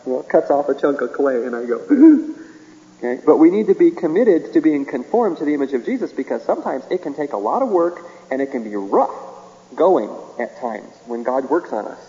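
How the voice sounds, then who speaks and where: A man delivers a sermon in a homey, chuckling manner, acting out small exchanges as he goes. His voice is mellow and warm. The sound is a dull, lo-fi radio recording with a long hall echo. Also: a little high, sing-song, moderate pace. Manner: folksy, chuckling, acts out little dialogues. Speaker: preacher.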